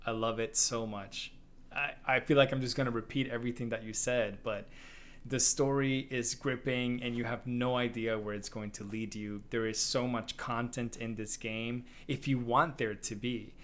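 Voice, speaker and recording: A man co-hosting a casual video game podcast, gushing and animated, often laughing. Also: medium pitch, moderate pace. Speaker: podcast co-host. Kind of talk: casual game review chat.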